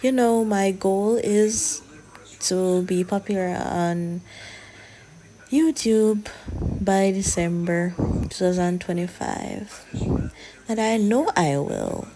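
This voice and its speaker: A young woman chatting casually in a soft, often half-whispered drawl as she narrates a hair-braiding tutorial. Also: mid-range voice. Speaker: hair vlogger.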